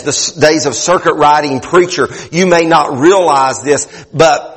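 A man preaches in a high voice, earnest and often repeating himself for emphasis. His sermon carries a long reverb from the hall around him. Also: fairly bright tone. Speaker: pastor.

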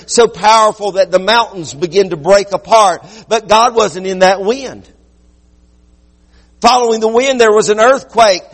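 A man preaching a sermon as pastor, swinging between loud quick bursts and low slow passages. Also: in a large hall.

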